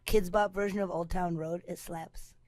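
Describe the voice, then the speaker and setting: A woman guest on a comedy podcast, cracking jokes in a dry, deadpan, quiet way. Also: on the low side, moderate pace, no echo. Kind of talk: casual podcast banter.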